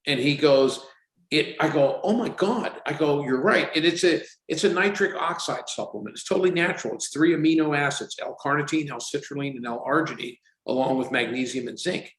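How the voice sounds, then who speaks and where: Animated man in his sixties, roomy sound. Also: a little high, fairly quick. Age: 60s. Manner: animated storyteller, acts out quotes. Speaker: company CEO guest. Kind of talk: casual podcast interview. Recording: roomy echo.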